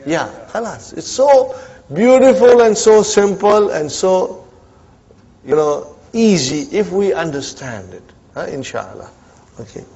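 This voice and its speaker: In a community centre classroom, a man teaches Arabic grammar, drilling students with repeated questions and frequent "huh?" prompts while mixing Arabic terms into his English. His voice is high-pitched and very animated yet unhurried, mellow and slightly rough. The sound is lo-fi.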